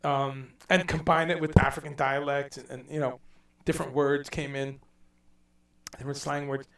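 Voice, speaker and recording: A man hosting a casual livestream chat, telling stories in a rambling, animated way and dropping in profanity. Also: mid-range voice, normal speed, echoey room, far from the mic. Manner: rambling, animated storytelling with mock accents and profanity. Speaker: livestream host.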